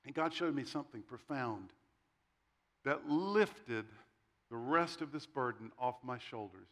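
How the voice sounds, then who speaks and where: A man's voice: mid-range voice, animated, a little slow, a bit bright. A middle-aged man giving a sermon, telling a personal story with self-deprecating humor and quoted dialogue. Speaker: pastor.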